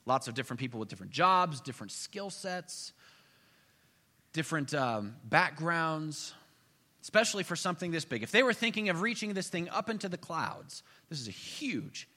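Male pastor, high bright voice, animated sermon storytelling with acted-out voices, reverberant sanctuary. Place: church sanctuary.

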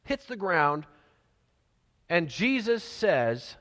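Guy preaching, kinda high voice, goes soft and whispery sometimes, big echoey hall. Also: very slow. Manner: animated storytelling, dropping to soft near-whispers for emphasis. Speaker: pastor. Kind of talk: sermon. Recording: long hall reverb.

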